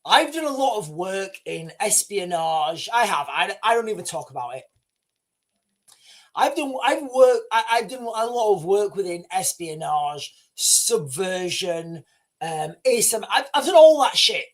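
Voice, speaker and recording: A man hosting a livestream, reading breaking news aloud live. He is excitable, swears freely, and stammers and restarts his sentences. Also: high voice, unhurried. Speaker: livestream host.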